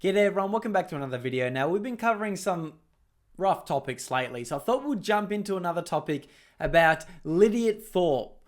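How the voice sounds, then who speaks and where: A man's voice: high voice, lively intonation, a little fast. An Australian man hosting a commentary video, talking casually and mockingly over clips. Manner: mocking, sarcastic, laughs at clips. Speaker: political commentary host.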